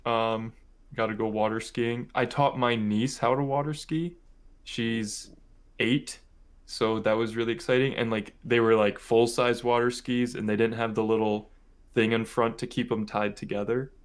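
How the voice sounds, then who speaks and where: Young man, podcast co-host, rambling casual storytelling, lots of fillers, mid pitch. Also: normal speed. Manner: rambling, full of "like" and "um", animated when telling a story.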